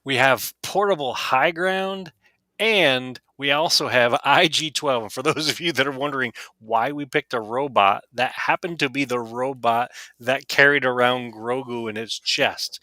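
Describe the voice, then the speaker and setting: A man's voice: mid-range voice, normal speed, bright, forceful tone, no room sound. A man co-hosting a casual fan podcast, talking with upbeat enthusiasm and frequent restarts. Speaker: podcast co-host. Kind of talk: casual panel chat.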